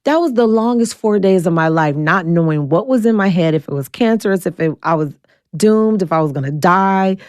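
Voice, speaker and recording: Blunt, animated woman in her forties. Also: moderate pace, smooth, no echo, clean studio sound. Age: 40s. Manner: blunt, animated, acts out quotes with big pitch jumps. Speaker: guest. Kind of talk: candid storytelling interview.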